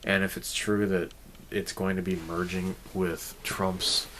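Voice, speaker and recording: A man with a very low voice talks through a loose, rambling channel update, drifting off topic and filling gaps with ums and restarts. He speaks bluntly, with the odd crude aside, over a faint hiss of background noise. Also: flat delivery, unhurried, fairly bright tone. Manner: rambling, sidetracked, frequent fillers and restarts. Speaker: hobby channel host.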